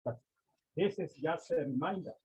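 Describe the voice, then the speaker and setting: A man teaching a class, speaking slowly and repeating key terms as he explains step by step. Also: fairly high pitch, darkish tone, husky, poor audio. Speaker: Greek teacher. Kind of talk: classroom lesson.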